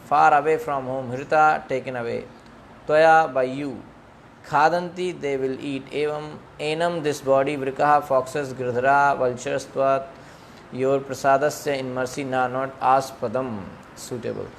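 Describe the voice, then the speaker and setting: A man's voice: medium pitch, steady tone, measured pace, creaky. A man giving a devotional scripture lecture, translating verses word by word with frequent fillers. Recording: faint background noise.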